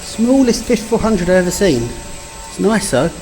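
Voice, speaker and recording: A woman giving excitable, detailed commentary while exploring buildings and lift shafts for her vlog. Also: medium pitch, normal speed, faint music behind. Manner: excitable, lively, gets carried away with lift details. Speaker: vlogger exploring lifts. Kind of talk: enthusiastic technical commentary.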